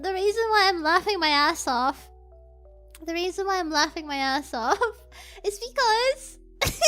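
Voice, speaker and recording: A streamer with a very high, bright voice chats casually with viewers and greets them one by one by name. The delivery is unhurried and broken up by frequent giggles. Soft music plays faintly in the background. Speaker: live streamer. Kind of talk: casual live-stream chat.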